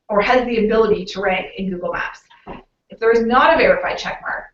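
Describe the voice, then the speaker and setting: A Canadian woman talks through a webinar in a relaxed, explaining way, leaning on "um" and "you know". She sounds a little off the mic, in a roomy space. The audio is muffled and lo-fi. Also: medium pitch, far from the mic. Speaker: local SEO consultant presenting a webinar. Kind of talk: webinar presentation.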